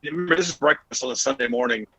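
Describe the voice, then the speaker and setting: A man's voice: on the high side, very fast, slightly rough, no echo, low-quality recording. A man in his forties, a podcast host, telling a casual story with lots of fillers and restarts. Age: 40s. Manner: rambling, animated anecdote with many fillers.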